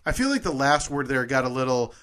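A man's voice: mid-range voice, big pitch swings, fast, a bit bright. A man co-hosting a podcast in casual chat, earnest and self-deprecating. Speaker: podcast co-host.

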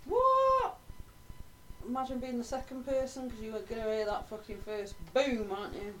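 A woman co-hosting a podcast, cutting in with quick, sweary exclamations during casual banter. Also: on the high side, expressive, a bit bright, recorded from a distance, slight background noise, low-quality recording. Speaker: podcast co-host.

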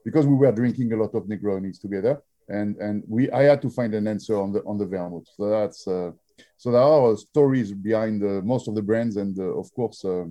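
Halting French-accented man, very dark voice. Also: lowish voice. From France. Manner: halting, many fillers and restarts. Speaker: drinks brand founder. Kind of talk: interview storytelling.

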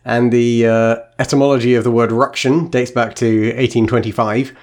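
A man's voice: mid-range voice, level tone, normal speed, a little mellow. Chatty man on a book podcast. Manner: chatty, sweary, lots of fillers and tangents. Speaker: podcast co-host. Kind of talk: casual book discussion.

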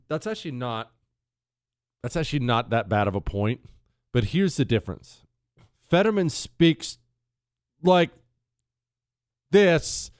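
A man with a fairly high voice hosts a talk radio show, brash and sarcastic in his opinions, doing mocking impressions, and reading ads with the same brashness. The recording is studio quality with no echo.

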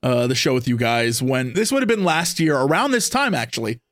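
A man's voice: mid-range voice, brisk, no room sound, studio quality. A man guesting on a podcast, telling stories in casual chat and acting out quotes with a raised voice. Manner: animated, acts out quotes with raised voice.

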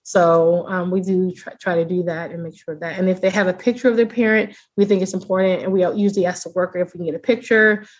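A woman's voice: on the low side, fairly even intonation, fast, hardly any pauses. A woman speaking as a podcast guest, a foster mother sharing her experiences in a heartfelt, earnest way with frequent restarts. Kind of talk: casual podcast interview.

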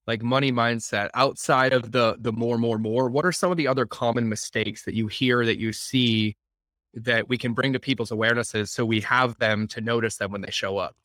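A man hosting a podcast, chatting loosely and replaying little exchanges in a lively storytelling manner. His voice is bright and forward. The sound is close and dry, with no room around it. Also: medium pitch, moderate pace, no echo. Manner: rambling, retells dialogue with lots of "I was like". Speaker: podcast host. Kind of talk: conversational podcast interview.

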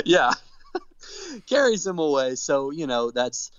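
Animated man recapping a show, lo-fi sound. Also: a little high, slow pace, no echo. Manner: animated storyteller, acts out quotes in put-on voices. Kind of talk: casual recap chat.

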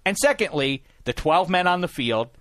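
A man's voice: high voice, expressive, moderate pace, a bit bright, no echo, clean studio sound. A man hosting a sports podcast, talking in an emphatic, opinionated way. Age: 40s or older. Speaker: podcast host. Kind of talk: casual sports podcast chat.

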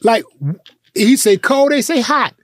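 A man with a notably high speaking voice rants in a blunt, profane, heated manner, hammering his points by repeating them. The sound is dry and close, with no room around it. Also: very animated, measured pace, fairly bright tone, no room sound. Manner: blunt, profane, emphatic ranting with repetition. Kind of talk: heated casual chat.

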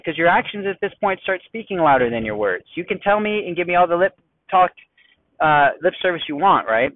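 A man's voice: a little high, no echo. A man hosting a solo podcast as a coach, speaking bluntly and conversationally straight to the listener. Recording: tinny phone-like dry sound.

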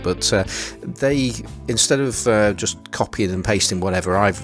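A man's voice: on the low side, moderate pace, hardly any pauses, over music. A man from England, hosting a podcast in casual, hesitant chat full of fillers. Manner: rambling, hesitant, many fillers. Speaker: podcast host. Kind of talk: casual chat over a call.

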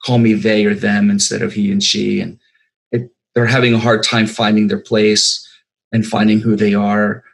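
A man's voice: on the low side, level tone, moderate pace, gravelly, low-quality recording. A middle-aged man, a filmmaker, answering interview questions in a rambling way with many fillers and restarts. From United States.

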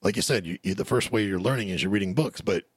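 A man's voice: lowish voice, quick pace, husky, no room sound, clean studio sound. A middle-aged man hosting a casual interview show, chatty and joking with lots of restarts. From United States. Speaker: host.

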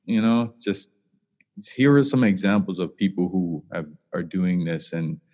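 A man hosting a podcast, reflective and halting, with many fillers. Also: sits low, fairly even intonation, a little mellow. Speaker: podcast host. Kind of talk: casual podcast interview. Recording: long hall reverb.

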